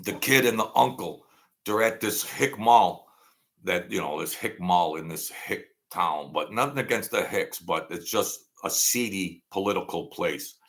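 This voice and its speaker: Give me a Brooklyn man with a gravelly voice, casually telling a long story and acting out the voices. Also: deep voice, measured pace, fairly bright tone. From Brooklyn, New York. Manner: rambling, repeats phrases, acts out quoted lines. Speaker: storyteller host.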